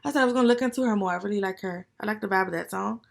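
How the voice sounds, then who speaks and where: A woman's voice: medium pitch, racing, creaky. Young woman cohost, medium voice, rambly and slangy, just chatting. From DMV area, US. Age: young adult. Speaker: podcast co-host. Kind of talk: casual chat.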